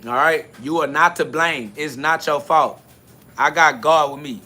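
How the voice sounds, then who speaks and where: A man hosts a solo spiritual podcast, answering listener comments in a blunt, confrontational way. His speech is full of profanity and returns again and again to the same catchphrases. His voice sits a little high and sounds bright and forceful. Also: unhurried. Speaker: podcast host.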